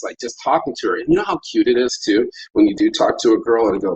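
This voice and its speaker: A man's voice: mid-range voice, wildly swooping pitch, fast, gravelly, few pauses, a little mellow, breathy edge, low-quality recording. A middle-aged man hosting a morning livestream, giving a rambling, profane pep talk about facing fear while vaping. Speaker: livestream host.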